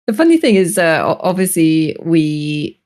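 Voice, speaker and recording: A woman's voice: deep voice, big pitch swings, a little slow, darkish tone. A woman chatting casually as a podcast guest, laughing often and restarting her sentences.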